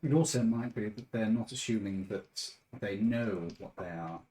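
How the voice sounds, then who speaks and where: A man's voice: on the low side, normal speed, mellow, slight background noise. Methodical male player. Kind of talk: tabletop game play.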